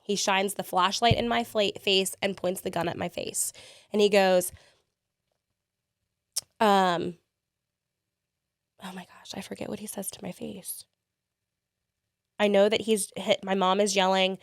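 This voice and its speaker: A woman's voice: mid-range voice, steady tone, measured pace, pauses often, no room sound, clean studio sound. A woman in her thirties, a podcast guest, telling her story step by step and acting out what people said. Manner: vivid step-by-step recounting, acting out quotes. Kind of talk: interview storytelling.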